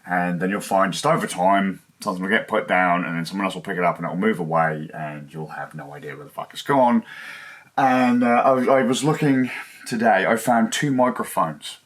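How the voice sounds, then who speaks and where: A man's voice: low voice, steady tone, fairly quick. Rambling man, laughing at himself. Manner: self-deprecating, swearing, laughing at himself. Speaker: livestreamer. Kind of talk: casual rambling monologue. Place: home.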